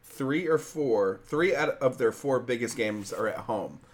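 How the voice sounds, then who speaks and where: A man's voice: medium pitch, lively intonation, unhurried. A man hosting a podcast, quizzing his co-host with true-or-false questions and laughing often. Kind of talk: casual sports chat.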